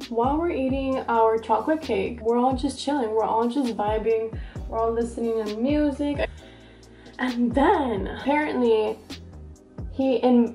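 A woman's voice: on the high side, gravelly, reverberant. Chatty young woman telling gossip. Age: young adult. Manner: animated, gossipy, fills speech with "like". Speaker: beauty vlogger. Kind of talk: storytime get-ready-with-me chat.

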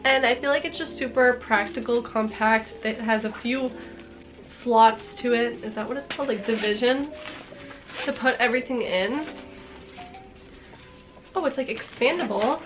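A young woman with a cold talking excitedly in a casual haul vlog, gushing over her purchases. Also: fairly high pitch, a little slow, long pauses, over music. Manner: bubbly and gushing, lots of "like" and "are you kidding me". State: congested with a cold. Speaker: vlogger.

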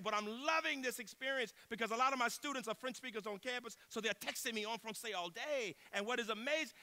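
A man in his sixties, a university president, giving an inspirational keynote speech and telling stories with emphasis, moving from loud bursts to hushed tones. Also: extremely high pitch. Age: 60s.

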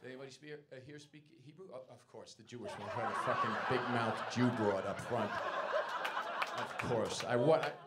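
A man's voice: mid-range voice, normal speed. A man doing stand-up crowd work in a comedy club, brash and profane as he teases the audience. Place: comedy club stage, indoors. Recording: noisy live club with roaring crowd laughter.

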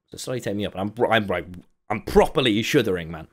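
A man's voice: fairly low pitch, expressive, fast. A man casually telling a story, rambling and breaking off with laughter. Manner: rambling, self-interrupting, laughing. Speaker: streamer.

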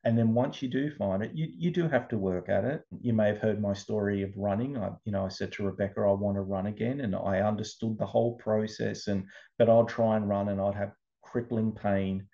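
Earnest man with a dark, low voice. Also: fairly even intonation, a little fast, gravelly, hardly any pauses, dull audio. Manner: earnest, emotional, repeats words. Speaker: guest. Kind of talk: interview, personal story.

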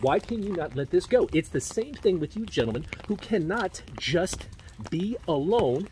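A man on a walking vlog delivers a rambling, preachy commentary full of asides, his pitch climbing and dipping all the time. His voice sits slightly high for a man. Faint traffic hums behind him outside. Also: very animated, moderate pace, darkish tone. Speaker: vlogger and men's dating commentator. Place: outdoors on a street in the rain.

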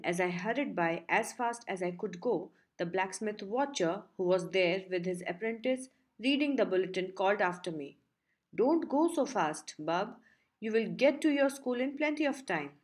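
Female audiobook narrator, steady clear storytelling, medium pitch. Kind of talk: audiobook reading.

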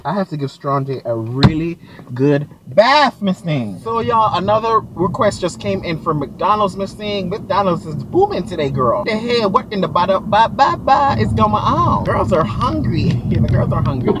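A flamboyant man chatting sassily while driving. His high voice swoops up and down with drama. The steady drone of the car is plain behind him. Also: moderate pace, hardly any pauses, noisy background. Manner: sassy, flamboyant, dramatic, keeps saying "girl" and "Miss Thing". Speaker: delivery driver vlogger. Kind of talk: casual vlog chat.

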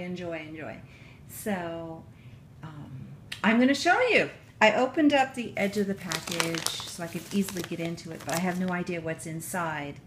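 A woman vlogging an unboxing at home, gushing and emotional, with drawn-out breathy exclamations. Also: on the low side, slight background noise, low-quality recording. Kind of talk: casual unboxing vlog. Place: home kitchen counter. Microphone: camera on tripod.

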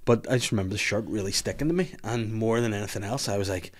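A man's voice: lowish voice, fast talker. A young man telling a swearing, laughing anecdote in casual podcast chat. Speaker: podcast guest.

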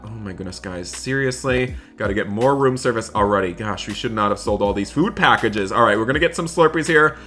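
Bright-voiced man narrating game roleplay. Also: mid-range voice. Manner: talks to viewers, switches to polite hotel-worker voice. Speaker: gaming roleplay host. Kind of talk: roleplay commentary.

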